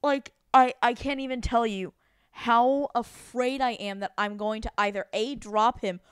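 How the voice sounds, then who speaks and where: A woman's voice: a little high, fairly even intonation, unhurried, smooth, no echo, studio quality. A woman co-hosting a casual podcast chat, anxious and self-deprecating, laughing as she talks. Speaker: podcast co-host.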